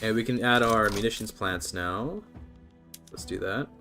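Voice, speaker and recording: A man's voice: lowish voice, a little slow, bright, forceful tone, faint music behind. A Canadian man from British Columbia casually commentating a strategy game on a livestream, chatting easily and answering his chat. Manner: chatty, laid-back, reads and answers chat. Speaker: streamer.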